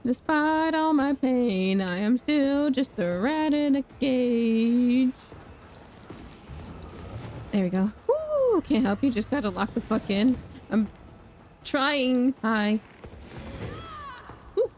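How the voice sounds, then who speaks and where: A woman's voice: high voice, big pitch swings, slow pace, long pauses, a little mellow, slight background noise. A young woman streaming a horror game, talking to chat, laughing and shrieking at danger. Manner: talks to chat, self-mocking. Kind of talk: live gameplay commentary.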